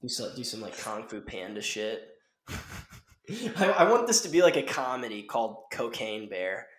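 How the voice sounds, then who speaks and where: A man's voice: medium pitch, sing-song, a little slow. A young man hosting a podcast in casual chat, rambling and laid-back, saying "like" and "dude" constantly. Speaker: podcast host. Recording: roomy echo.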